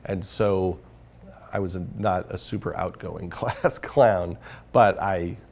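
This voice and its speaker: A man's voice: sits low, takes it slowly, vocal fry, darkish tone, slight background noise. A man talking candidly in an interview as the guest, rambling with many fillers and restarts. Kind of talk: casual interview conversation.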